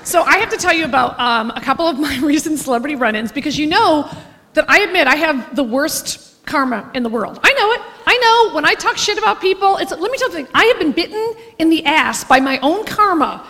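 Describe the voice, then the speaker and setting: A woman's voice: high-pitched, expressive, fairly quick, fairly bright tone, long reverb tail. A woman telling a brash, swearing stand-up story and laughing as she goes. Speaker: stand-up comedian.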